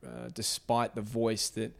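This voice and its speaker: A man hosting a podcast interview, talking in halting phrases with many fillers and restarts. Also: fairly low pitch, sing-song. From Australia. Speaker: podcast host. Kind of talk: casual interview chat.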